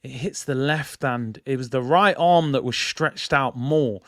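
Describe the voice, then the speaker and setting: A man's voice: mid-range voice, measured pace. A young man hosting a football watch-along, talking casually and animatedly, repeating himself as he argues his point. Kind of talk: casual live match commentary.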